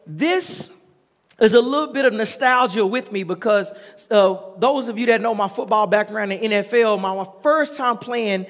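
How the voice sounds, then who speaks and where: A man's voice: high voice, a bit bright. Pastor, man, middle-aged, sermon in a church with a long echo, leading the room in call-and-response. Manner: preaching with call-and-response and chanted repetition. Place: church sanctuary. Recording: long hall reverb.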